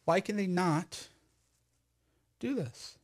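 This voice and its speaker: Loud, high-voiced man telling stories. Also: animated, slow. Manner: loud, rambling and emphatic, with many restarts. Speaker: online commentator. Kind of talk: casual storytelling monologue.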